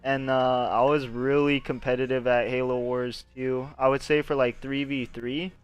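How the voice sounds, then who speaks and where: A man in casual gaming talk, laid-back but loud and animated when he tells stories of matches. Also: mid-range voice, moderate pace, clear, resonant tone, highs cut off, faint music behind.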